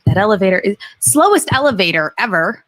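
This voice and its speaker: Giggly female guest, lively voice. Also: medium pitch, brisk. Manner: giggly, awkward. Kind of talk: casual chat.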